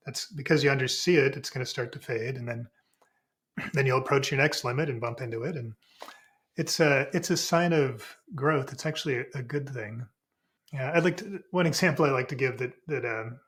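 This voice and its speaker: A man, a spiritual teacher and podcast guest, explaining ideas in a relaxed, unhurried way with frequent restarts. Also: medium pitch.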